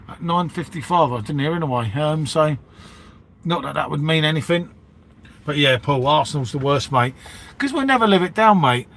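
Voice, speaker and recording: Rambling bloke saying mate. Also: male voice, a little high, expressive, moderate pace, fairly bright tone. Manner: matey, rambling, says "mate" and "innit" constantly. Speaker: livestream host chatting with viewers. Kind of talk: casual live-stream chat.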